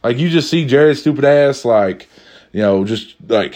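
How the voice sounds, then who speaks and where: A man's voice: medium pitch, animated, moderate pace, darkish tone. Young guy cussing and rambling thru a funny rant, lots of likes and restarts. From Kentucky. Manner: rambling, swears constantly, many restarts and fillers. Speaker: vlogger. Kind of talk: profane comedic rant.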